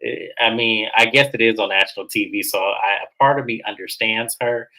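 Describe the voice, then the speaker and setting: A man's voice: a little fast, rough recording. Chatty male reality TV recapper. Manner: animated, mimics the cast in high voices. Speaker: host.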